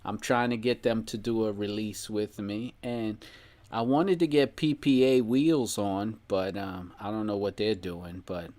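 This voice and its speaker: A man hosting a podcast in relaxed casual chat, rambling and laughing often. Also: on the low side, measured pace. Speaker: podcast host.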